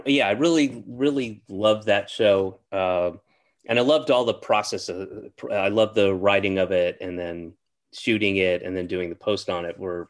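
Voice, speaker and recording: A middle-aged man speaking as a guest in a casual interview, pausing often and restarting his sentences. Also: on the low side. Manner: halting, many restarts and fillers. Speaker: interview guest, comedian and actor.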